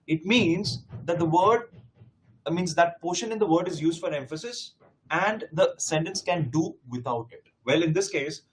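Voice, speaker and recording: A man's voice: a little high, slight background noise. Emphatic man teaching a test-prep class. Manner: emphatic, repeats key points; addresses students directly. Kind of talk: live classroom lecture.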